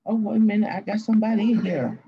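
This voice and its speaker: A woman with a Cajun accent hosting a casual live stream, rambling in a folksy way with drawn-out fillers. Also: mid-range voice, gravelly, husky, muffled recording. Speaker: live-stream host reading cards.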